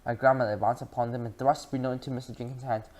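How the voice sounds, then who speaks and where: A reader narrating a children's book aloud in a lively way, with frequent slips and restarts. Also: medium pitch, rapid-fire.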